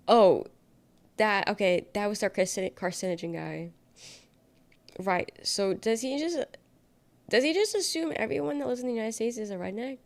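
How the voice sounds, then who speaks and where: A young woman streams live, her voice gravelly with a noticeable fry at mid pitch. She rambles through casual chat and answers viewer comments with sarcastic quips, speaking into a desk mic. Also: normal speed. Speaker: livestreamer.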